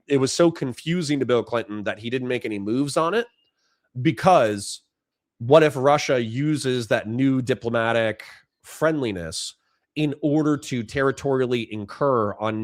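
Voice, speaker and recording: A man's voice: medium pitch, moderate pace, dry recording, clean studio sound. Casual, rambling young man. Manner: rambling, loose and slangy, with stumbles and restarts. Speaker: political streamer. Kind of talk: casual political commentary.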